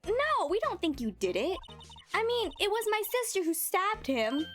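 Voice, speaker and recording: A woman voicing an eager, bubbly young woman in a game, pitched high and excited. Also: normal speed, soft background music. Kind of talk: reading game dialogue aloud.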